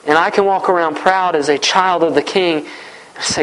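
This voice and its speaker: A man's voice: fairly high pitch, fairly even intonation, normal speed, a bit bright, rough recording. A man preaching a sermon, earnest and repetitive, often voicing heartfelt prayers aloud.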